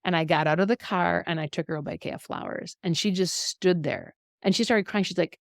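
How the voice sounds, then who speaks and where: A middle-aged woman teaches with warm conviction and bursts of laughter, her voice sitting on the lower side. The sound is dry and close, with no room around it. She talks in an animated, faith-filled way as a health educator. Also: brisk, gravelly, no room sound. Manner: animated, encouraging, laughs often. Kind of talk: faith-based teaching talk.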